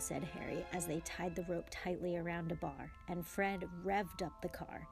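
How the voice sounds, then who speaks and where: A woman guest reader reading a children's novel aloud, dropping to whispers and rising to shouts for the characters. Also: on the low side, steady tone, moderate pace, creaky, hardly any pauses, faint music behind.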